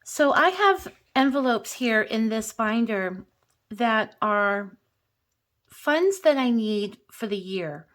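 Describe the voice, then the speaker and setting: Woman, 50s, budgeting vlogger, earnest and chatty, slightly higher voice. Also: expressive, slow pace. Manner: chatty, earnest, counts bills aloud in quiet rhythm. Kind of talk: casual vlog storytelling and cash counting.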